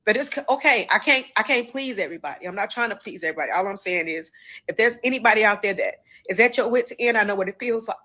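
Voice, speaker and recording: A woman's voice: mid-range voice, lively intonation, fast talker, bright, forceful tone. A woman giving an emotional public apology, pleading and heartfelt. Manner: pleading, heartfelt, Southern Black vernacular.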